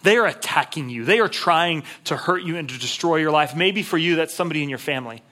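A man's voice: on the high side, animated, fast talker, bright, forceful tone. A male pastor preaching a sermon in an earnest, conversational way, often repeating words as he goes.

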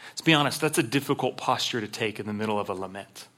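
A man preaching a sermon as a pastor, impassioned, dropping to a hush and then rising to emphatic peaks as he acts out prayers. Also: on the low side, quick pace. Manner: impassioned, swings from hushed to emphatic; acts out prayers in first person.

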